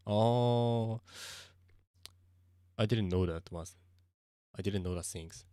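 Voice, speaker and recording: A low-pitched young man speaks English with a Japanese accent in a loose live-stream chat. He stops and restarts often as he hunts for words, mixing in Japanese. The sound is dry and close, with no room echo. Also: takes it slowly, dark tone, clear, resonant tone.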